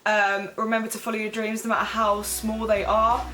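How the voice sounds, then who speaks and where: A woman's voice: mid-range voice, completely flat delivery, normal speed, bright, forceful tone, far from the mic, a little hiss or hum. A young woman with an Essex accent, casually chatting on a vlog, rambling and self-deprecating with lots of fillers. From Essex, England. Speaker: vlogger. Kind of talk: casual chat explaining slang. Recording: echoey room with faint music.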